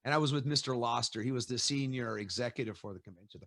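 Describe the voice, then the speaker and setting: A middle-aged man hosting an interview, telling stories in a lively way and acting out quotes with laughs. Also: medium pitch, fast, no room sound. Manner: animated storyteller, acts out quotes with laughs. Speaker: host. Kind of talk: casual storytelling interview.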